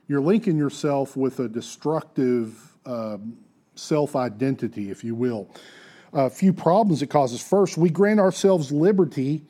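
A male preacher delivers a sermon in an earnest, emphatic way. His voice sounds warm and mellow, and he drifts into friendly asides and restarts as he goes. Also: fairly high pitch, unhurried.

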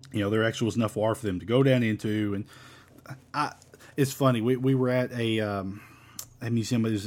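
A man teaching a verse-by-verse Bible study in an emphatic, repetitive, conversational way. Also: lowish voice.

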